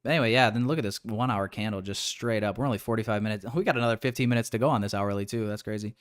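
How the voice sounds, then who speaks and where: Talking very fast in a smooth, fairly low voice, a young day trader rambles through his live stream. He sounds frustrated and casual, keeps restarting, and refers to viewers as "boys."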